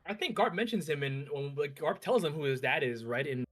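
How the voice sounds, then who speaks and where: A man co-hosting a podcast in a loose, casual fan discussion, talking fast with lots of fillers. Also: on the high side, sing-song, a bit bright, soft background music. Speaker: podcast co-host.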